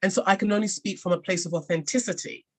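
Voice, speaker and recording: In a mid-range voice that stays steady, a woman from England talks fast as she shares her own experiences in a podcast interview. The author comes across as earnest and reflective, restarting often.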